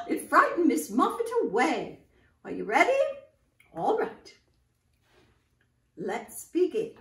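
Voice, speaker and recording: An older woman leads young children through nursery rhymes in a high, very lively sing-song voice, taking her time. She sounds a little distant in an echoey room. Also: slow. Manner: animated, sing-song, talks to children as "my friends". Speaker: children's storyteller in costume.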